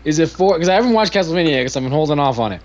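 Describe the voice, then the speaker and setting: A man co-hosting a casual podcast, ranting excitedly and getting louder when worked up. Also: on the high side, very fast. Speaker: podcast co-host. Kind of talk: casual chat. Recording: dull lo-fi podcast audio.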